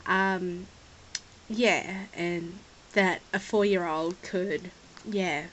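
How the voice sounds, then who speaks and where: A woman's voice: fairly low pitch, steady tone, drawn-out words, fairly bright tone, slight background noise, rough recording. Chatty Australian woman. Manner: chatty, rambling and apologetic; emotional, near tears at times. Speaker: scrapbooking vlogger. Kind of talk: casual chat showing a scrapbook.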